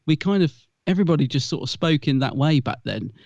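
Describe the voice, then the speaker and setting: A chatty man co-hosting a podcast, his voice gravelly and a touch high. He rambles and restarts his sentences. The sound is dry and a little dull. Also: lively intonation, fast, darkish tone, no echo. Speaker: podcast co-host. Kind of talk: casual chat.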